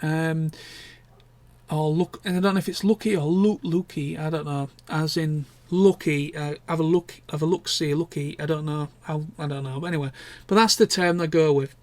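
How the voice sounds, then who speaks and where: A man's voice: on the high side, steady tone, normal speed, a little mellow, no echo. A young man, chatting casually and candidly in a rambling vlog catch-up, with the odd swear word. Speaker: vlogger. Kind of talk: casual chat.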